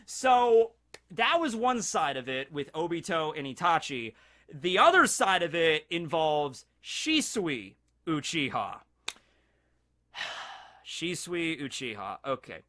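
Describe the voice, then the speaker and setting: A man hosting a casual anime discussion, excitable and rambling with many fillers. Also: fairly high pitch, takes it slowly. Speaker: anime channel host.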